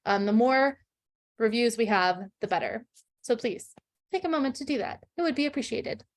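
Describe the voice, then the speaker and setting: A woman co-hosting a podcast, retelling a fairytale in an animated, chatty way with giggles. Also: a little high, normal speed. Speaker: podcast co-host. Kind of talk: casual storytelling chat.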